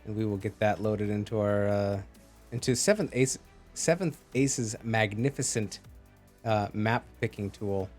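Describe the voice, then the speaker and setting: A man's voice: lowish voice, unhurried, darkish tone, soft background music. A man casting a live esports match, chatty and joking as he reads out chat messages. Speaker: esports caster.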